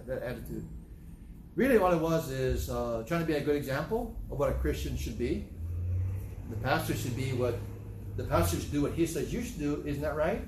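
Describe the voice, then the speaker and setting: Emotional pastor preaching in a roomy church. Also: male voice, mid-range voice, moderate pace, noisy background. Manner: emotional, with repeated phrases and sudden raised outbursts. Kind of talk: sermon.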